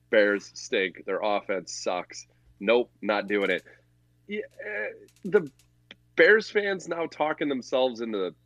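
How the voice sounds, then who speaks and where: A man's voice: fairly low pitch, fairly bright tone, no echo, highs cut off. Blunt, profane man ranting about football. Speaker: sports betting podcast co-host. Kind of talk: casual chat.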